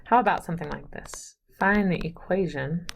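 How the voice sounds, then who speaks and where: A woman's voice: lowish voice, normal speed, gravelly, slight background noise. Chatty, self-deprecating woman teaching math. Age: adult, married with children. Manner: chatty, self-deprecating, talks straight to the students; counts aloud softly while drawing. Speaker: math instructor. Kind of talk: recorded video math lecture.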